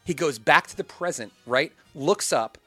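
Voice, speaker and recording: Man, bright tone, dry close sound, animated casual storytelling, swears. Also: a little high, normal speed, no room sound, faint music behind. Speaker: podcast regular. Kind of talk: casual chat.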